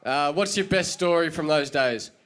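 A man in the audience asks a question in a slightly high voice. He speaks plainly and halts a little. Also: moderate pace, fairly bright tone, smooth. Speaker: audience member asking a question.

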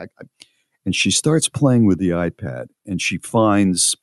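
A man hosting a talk show, casually telling a long, animated personal story and rising in pitch as he relives the frantic parts. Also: unhurried, no room sound, studio quality. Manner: animated storyteller, voice climbs high when retelling frantic moments.

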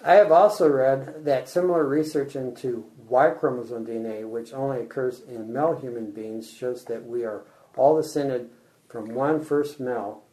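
Mellow-voiced man co-hosting radio. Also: mid-range voice, moderate pace, poor audio. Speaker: radio co-host. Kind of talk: scripted radio dialogue.

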